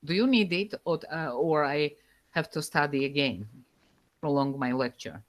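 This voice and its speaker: A woman lecturing a university class over a live online call, pausing often and searching for words with fillers. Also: deep voice. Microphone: computer microphone over a video call.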